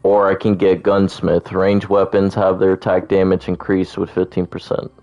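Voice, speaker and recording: A man with a very low voice talks through a video game in casual chat. He stays calm and laid-back and teases gently. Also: normal speed, dull audio, soft background music. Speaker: gaming channel co-host. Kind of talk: casual let's-play chat.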